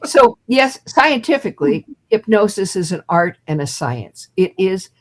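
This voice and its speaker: An older woman in her seventies, a hypnotist guest, telling an animated story over a video call. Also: mid-range voice, measured pace. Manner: lively storyteller who acts out quotes and laughs.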